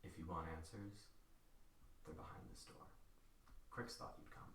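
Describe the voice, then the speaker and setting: A man voicing a terse, mysterious bald man in a tabletop game, speaking in a hushed, breathy near-whisper with clipped, cryptic sentences. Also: low-pitched, steady tone, measured pace, slight background noise, voice pushed down. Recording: roomy echo, distant mic, music behind.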